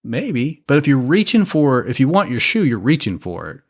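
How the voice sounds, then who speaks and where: Male podcast cohost with an expressive voice that swings up and down. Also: mid-range voice, moderate pace. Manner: lively, expressive. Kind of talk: casual chat.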